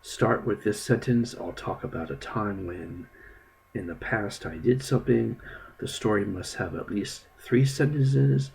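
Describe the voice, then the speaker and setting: A low-voiced male English teacher talks through a recorded textbook lesson at an unhurried pace. His voice has a gravelly rasp, and he explains each step patiently, often letting the ends of his sentences fade. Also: a little hiss or hum, poor audio. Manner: slow, step-by-step, trailing off softly.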